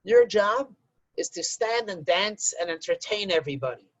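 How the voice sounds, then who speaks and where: A man's voice: sits high, animated, normal speed, dry recording, dull audio. A man voicing God as a kindly, easygoing male creator who hands out tasks in a folk tale. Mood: generous. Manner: easygoing, bargaining tone.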